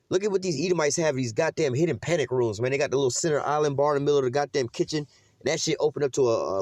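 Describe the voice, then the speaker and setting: Dude preaching scripture fast and loose, cussing a lot, dry close sound. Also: male voice, fairly high pitch, darkish tone, dry recording. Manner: profane street slang, preachy and mocking; frequent "man" and "you know what I'm saying". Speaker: religious teacher. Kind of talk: informal scripture teaching.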